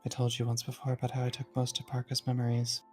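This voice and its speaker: Brief: a friend voicing a composed male dream-world guide for a visual novel reading; measured, formal, middle pitch. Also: soft background music, natural voice. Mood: calm, composed. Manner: calm, measured, slightly formal.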